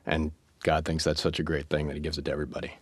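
Deep-voiced man telling a reflective story. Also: monotone, husky, dry recording. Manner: earnest, reflective, halting with restarts. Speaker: podcast guest. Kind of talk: casual storytelling.

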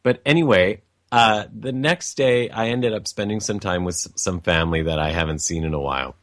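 A man's voice: on the low side, brisk, a bit bright, dry recording, clean studio sound. Reflective man telling a personal story. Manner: reflective, with frequent restarts and asides.

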